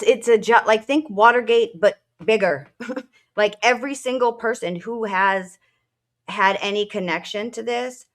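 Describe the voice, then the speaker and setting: A woman who is a military veteran, co-hosting a casual political talk show, speaking bluntly and with feeling, full of fillers and profanity. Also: medium pitch. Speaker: co-host.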